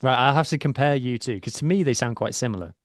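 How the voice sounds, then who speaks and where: A man's voice: medium pitch, fast, no echo. Playful podcast co-host man, dry sound. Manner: playful, laughs often. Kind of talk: casual chat.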